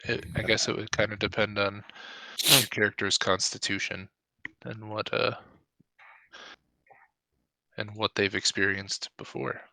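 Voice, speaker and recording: A man narrating as dungeon master in a tabletop game, relaxed and halting with many fillers. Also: lowish voice, creaky, no room sound.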